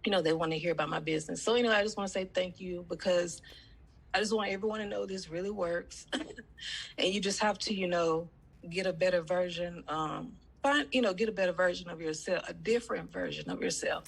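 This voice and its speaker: Low gravelly woman with a slight cold. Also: brisk. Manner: rambling, with many fillers. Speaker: student in a coaching class. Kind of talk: casual chat. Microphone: video call.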